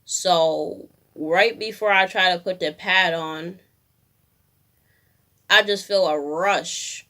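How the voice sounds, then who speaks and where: A woman's voice: on the low side, slow pace, long pauses, pushed and bright. A young woman telling a personal story in a candid, slangy way, acting out what people said. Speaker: vlogger. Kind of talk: casual storytime.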